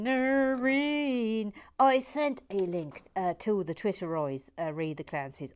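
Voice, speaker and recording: A woman hosting a relaxing build video, chatting softly through viewer comments, often dropping to a near whisper, with playful, gently silly asides. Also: low voice. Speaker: host of a relaxing build channel.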